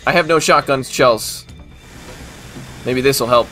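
A man's voice: medium pitch, slow pace, long pauses, sharp tone, soft background music. A man casually commentating his own gameplay, talking to the game and breaking into exasperated outbursts. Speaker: gaming video host.

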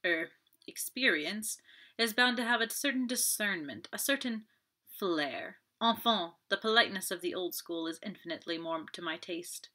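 A woman's voice: medium pitch, moderate pace, pushed and bright. A woman voicing a fussy, self-satisfied older French magistrate in an audiobook, pompous and prone to sighing.

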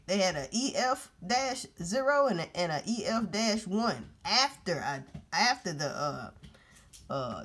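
A woman's voice: lowish voice, a bit bright, husky. A woman vlogger commenting on news clips in a blunt, profane, casual way, talking straight to her viewers.

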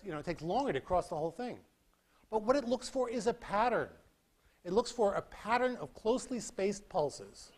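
A man giving a university physics lecture in a hall, animated and demonstrating with sound effects. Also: high-pitched, fairly quick, breathy edge. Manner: animated, acts out beeping sounds and demonstrates with props. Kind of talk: classroom lecture.

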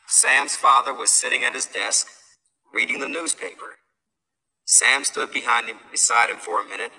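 A man hosting a show who reads a children's story aloud in a lively, expressive way. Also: mid-range voice, normal speed, gravelly. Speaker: host, storyteller. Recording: voice from far off the mic.

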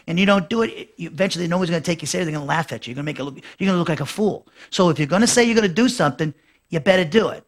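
High-voiced man teaching scripture. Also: very fast. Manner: rambling, with many fillers and restarts. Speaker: pastor teaching a Bible lesson. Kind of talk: expository Bible teaching.

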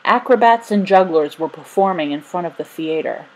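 Low-voiced woman reading a storybook. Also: normal speed, hardly any pauses, low-quality recording. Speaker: narrator. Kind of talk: storybook read-aloud.

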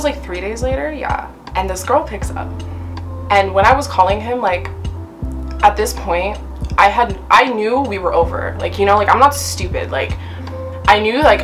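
Chatty young woman, swearing story time. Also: on the low side. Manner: chatty, swearing, many fillers. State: a little high. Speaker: vlogger.

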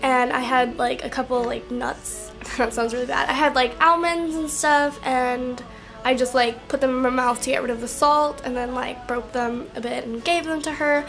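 High-voiced young woman rambling to camera. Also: fairly even intonation, moderate pace, gravelly, fairly bright tone, faint music behind. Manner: rambling, full of "like" and swearing. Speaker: vlogger. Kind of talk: casual storytelling to camera.

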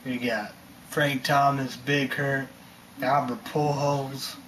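A man's voice: mid-range voice, little pitch movement, slow, noisy background. A man talking in a casual, rambling monologue, repeating himself and leaning on fillers. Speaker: vlogger ranting on camera.

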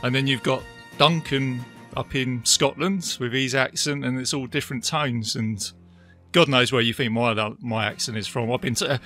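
Bright-voiced Englishman chatting films. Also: mid-range voice, fairly even intonation, moderate pace, soft background music. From England. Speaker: podcast host. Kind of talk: casual chat.

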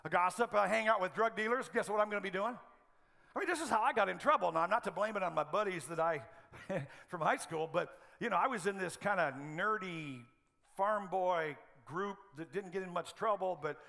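A middle-aged pastor preaching in a church, his voice high, gravelly and bright. He keeps the sermon lively with humorous stories and animated delivery. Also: a little fast.

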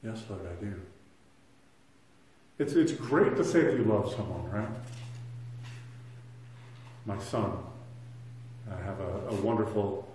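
A man in his thirties with a fairly low voice preaches a sermon in a church sanctuary, and the room rings with heavy echo. He is earnest, rising to loud emphasis and then dropping to a soft hush. He often doubles a word as he restarts a thought. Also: lively intonation, a little slow, long pauses, a little hiss or hum. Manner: earnest, swings between loud emphasis and soft hushed lines; repeats words when restarting. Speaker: pastor.

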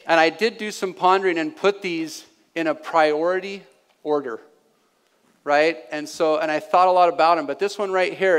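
A man giving a live seminar talk to an audience, energetic and forever tagging his points with "right?". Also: on the high side, clean tone. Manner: energetic, keeps asking "right?". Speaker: seminar presenter. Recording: long hall reverb.

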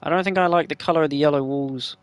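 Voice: mid-range voice, fast talker, clear, resonant tone, no echo. A gameplayer chatting casually over a life-sim game, swearing freely and talking to the game characters.

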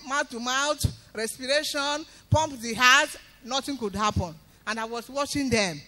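A woman giving an emphatic spoken testimony in church, breaking into loud praise. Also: high voice, a little slow, few pauses.

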